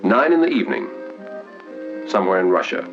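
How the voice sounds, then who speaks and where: A man narrates in a measured, formal 1940s newsreel manner, his pitch rising and falling widely. The sound is dull and lo-fi, like an old film soundtrack, with music playing loudly underneath. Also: wildly swooping pitch, vocal fry. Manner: measured, formal announcer delivery. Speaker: documentary narrator.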